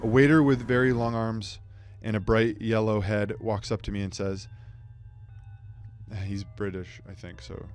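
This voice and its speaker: A man delivering a surreal comic monologue as a speech contestant, in a deadpan manner with stumbles and asides. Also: on the low side, unhurried, faint music behind.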